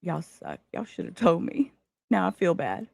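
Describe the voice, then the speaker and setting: A woman's voice: medium pitch, sing-song, normal speed, creaky, a little mellow, breathy edge, dry recording. Scattered, chatty woman streamer. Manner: scattered, rambling, self-interrupting. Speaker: livestream host. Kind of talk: casual live-stream chat.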